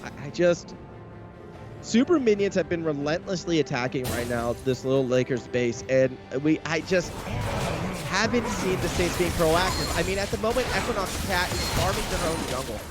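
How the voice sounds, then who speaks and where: A young man calls a live esports match in a chatty, analytical way, his voice sitting a little high. He speeds up as the action heats up. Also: animated, moderate pace, loud music behind the voice. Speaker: esports caster. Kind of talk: live game commentary.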